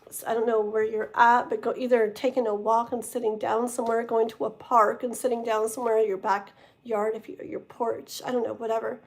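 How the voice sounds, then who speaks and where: A woman's voice: a little high, little pitch movement, brisk, hardly any pauses. A woman doing a casual live tarot reading with a tired, strained voice. She chats and rambles, and reads card meanings aloud. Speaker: tarot reader.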